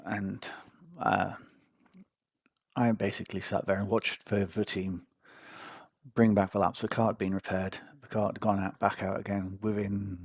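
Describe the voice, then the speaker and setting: A man's voice: on the low side, flat delivery, a little slow, no room sound. A man hosting a podcast, telling a personal story in a casual, wry, self-mocking way. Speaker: podcast host.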